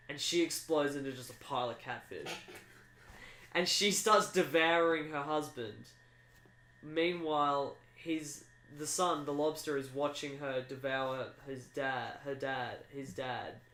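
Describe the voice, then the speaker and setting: A man's voice: on the high side, a bit bright. Rambling playful man in an echoey room. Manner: rambling, playful, acts out silly voices. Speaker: podcast co-host. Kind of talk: casual comedic chat.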